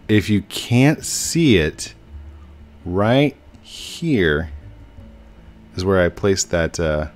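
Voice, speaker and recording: A young man giving chatty, playful gameplay commentary as a YouTuber, laughing often. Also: darkish tone. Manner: playful, chatty, laughs often, squeaky put-on voices when quoting. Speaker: gaming YouTuber. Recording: faint game music behind.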